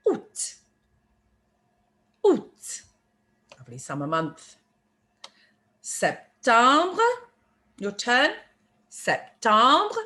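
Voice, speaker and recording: A woman teaching a language lesson, slowly modelling words for learners to repeat and explaining spelling. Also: a little high, wildly swooping pitch, sharp tone. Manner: slow, careful teacher modelling words for repetition. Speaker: French teacher. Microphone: screen-share narration.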